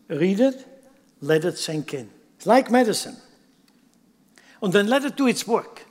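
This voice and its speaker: A man preaching a sermon, swinging from loud emphatic bursts down to near-whispers. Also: high voice, very animated, measured pace, long pauses, in a large hall. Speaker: pastor.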